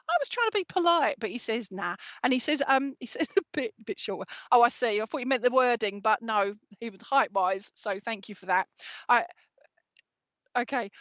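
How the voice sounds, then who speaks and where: A fairly high-voiced woman speaks as a psychic medium at home, chatty and always checking in with the listener. Her sound is dull and lo-fi, like a home stream, and dry with no room echo. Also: a bit bright. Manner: chatty, checks in with "all right?" after nearly every phrase. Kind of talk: live mediumship reading.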